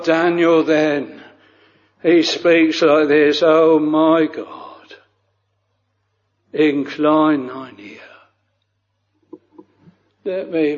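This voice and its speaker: Slow solemn male preacher, lo-fi. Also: a little high, darkish tone, in a large hall. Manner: slow, solemn, old-fashioned scriptural diction. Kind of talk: sermon. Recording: dull lo-fi recording.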